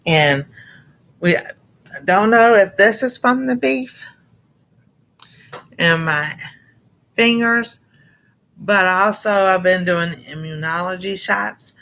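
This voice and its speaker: A woman's voice: medium pitch, slow pace, long pauses, a bit bright. A middle-aged woman chatting casually and rambling to viewers on a cooking livestream, greeting them and laughing often. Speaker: cooking channel host.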